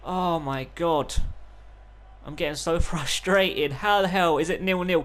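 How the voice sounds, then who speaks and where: A young man giving live play-by-play commentary on a football video game, swinging between calm narration and loud, excited outbursts. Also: fairly high pitch, measured pace. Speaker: gaming YouTuber.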